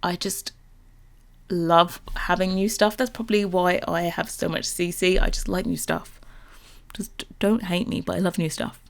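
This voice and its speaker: A young woman chatting casually over a game build, bubbly and rambling as she gets excited about new content. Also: on the low side, measured pace, gravelly. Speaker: Sims builder and YouTuber.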